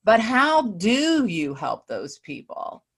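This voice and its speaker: A woman's voice: mid-range voice, wildly swooping pitch, slow pace, slightly rough. A woman interviewer asking reflective questions, often hesitating and searching for her words. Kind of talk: conversational interview.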